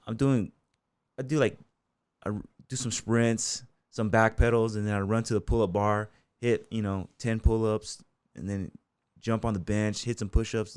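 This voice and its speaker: Man, from the US, low voice, dry close sound, casual rambling storyteller, podcast guest. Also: darkish tone, no room sound. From United States. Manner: loose anecdotal storyteller, many fillers like "you know" and "man". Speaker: podcast guest, bull rider and gym owner.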